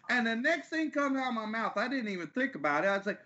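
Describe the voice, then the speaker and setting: A man's voice: extremely high pitch, sharp tone. A man telling a laid-back anecdote in casual podcast chat. He swears freely as he talks. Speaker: podcast guest. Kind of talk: casual storytelling. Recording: slightly dull audio.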